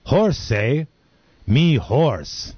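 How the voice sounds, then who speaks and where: A man plays a dim-witted caveman comedian in a heavily acted stand-up sketch, telling deadpan jokes in broken caveman grammar. His medium-pitched, slightly rough voice swings widely in pitch and moves extremely slowly. The recording is dull and lo-fi with no room sound.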